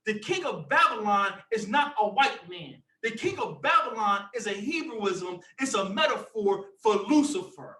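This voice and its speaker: A man teaching scripture to a group in an animated preaching style, sometimes shouting. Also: sits high, normal speed, hardly any pauses, echoey room, recorded from a distance, rough recording. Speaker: Bible teacher.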